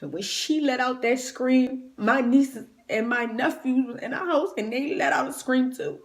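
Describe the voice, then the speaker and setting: A woman's voice: sits high, normal speed, hardly any pauses. Grieving woman telling her story. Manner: raw, emotional, conversational retelling. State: grieving, near tears. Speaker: vlogger. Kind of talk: personal storytime.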